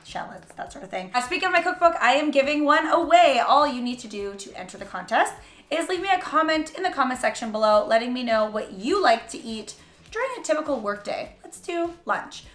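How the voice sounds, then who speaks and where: A woman's voice: fairly high pitch, fairly bright tone. A woman chatting casually while cooking, joking and thinking aloud as she goes. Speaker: vegan cooking vlogger. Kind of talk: casual cooking vlog chat. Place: home kitchen. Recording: echoey kitchen, faint noise.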